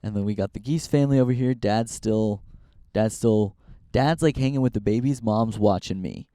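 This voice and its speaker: A man's voice: lowish voice, moderate pace, warm tone, no room sound, clean studio sound. A young man from Northern California hosting his own podcast outdoors on a hiking trail, talking in a rambling, profane, self-deprecating way into a handheld camera as he walks. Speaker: podcast host. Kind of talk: casual walk-and-talk vlog.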